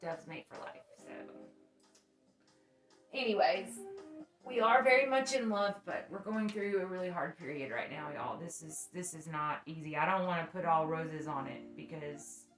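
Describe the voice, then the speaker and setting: A young woman with a deep voice co-hosts a podcast, chatting candidly at a moderate pace. She laughs through her stories, frank and heavy on profanity, in an echoey room with faint music behind her.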